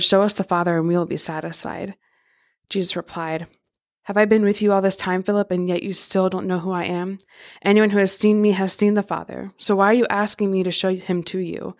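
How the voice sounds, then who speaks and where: A woman hosting a Bible podcast, chatting casually and then reading scripture aloud in a steady, even voice. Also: on the low side. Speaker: podcast host.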